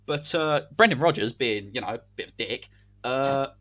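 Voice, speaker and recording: A man co-hosting a podcast, telling a made-up sports story in animated, commentary-like casual chat. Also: medium pitch, moderate pace. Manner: animated, spins a hypothetical tale like match commentary. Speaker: podcast co-host.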